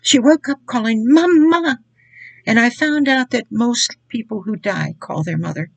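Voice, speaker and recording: An older woman tells her faith testimony in an earnest, repetitive way, circling back over her words. Her voice is gravelly and husky. The sound is dry and close. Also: fairly high pitch, animated, normal speed, no echo, rough recording. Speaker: Christian speaker. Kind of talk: personal testimony.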